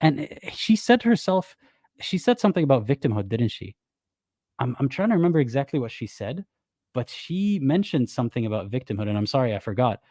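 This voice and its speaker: A man's voice: medium pitch, big pitch swings, brisk, mellow, no echo, studio quality. A man hosting a reaction video, commenting sarcastically and mocking the people he quotes. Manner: sarcastic and mocking, quotes others in exaggerated voices. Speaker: commentary host.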